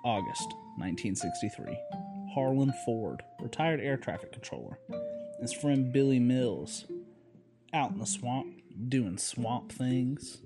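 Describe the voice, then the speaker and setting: A male podcast co-host talks slowly and expressively in a mid-range voice, with music playing underneath. He rambles and jokes in casual conversation, dropping many fillers.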